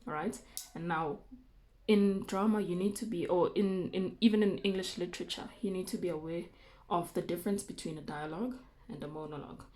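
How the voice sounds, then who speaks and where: A woman teacher giving a recorded remote lesson, explaining terms slowly with frequent okays and ums. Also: fairly low pitch, a little mellow. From South Africa.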